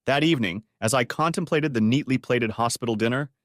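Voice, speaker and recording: An older man narrating a first-person audiobook story in a steady, even way. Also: mid-range voice, a little fast, no echo, clean studio sound.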